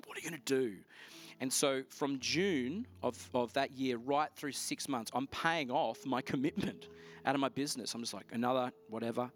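A man preaching a sermon, telling a personal story in a lively, storytelling way, his voice rising sharply at the exciting moments. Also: medium pitch, normal speed. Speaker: pastor.

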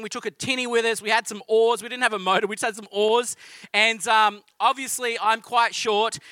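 A man's voice: high voice, bright, forceful tone, dry recording. A man with an Australian accent preaching a sermon in a conversational, storytelling way. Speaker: pastor.

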